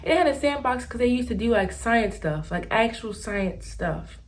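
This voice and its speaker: A young adult woman chatting casually through a storytime vlog, rambling and animated with lots of "like" and "y'all.". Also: on the high side, moderate pace, background noise. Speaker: vlogger. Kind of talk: casual storytime while doing makeup.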